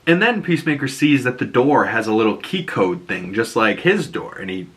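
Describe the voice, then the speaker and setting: A man's voice: mid-range voice, sing-song, normal speed, fairly bright tone. A man with a Boston accent hosting a casual episode breakdown, chatty and rambling, with crude, enthusiastic asides. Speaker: show reaction host.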